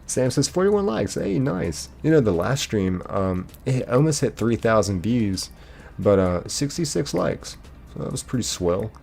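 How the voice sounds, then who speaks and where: A man's voice: medium pitch, big pitch swings, a little slow, creaky, pauses often, darkish tone, slight background noise. An American man hosting a livestream, reading out viewer comments and answering them in a rambling, casual way with many fillers. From United States. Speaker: livestream host.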